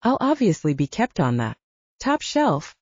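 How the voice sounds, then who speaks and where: A woman reading the lines of a young female musician in an audiobook, soft and breathy. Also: lowish voice, big pitch swings, a little slow, no echo, dull audio, full character voice. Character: young woman musician, guarded but tender.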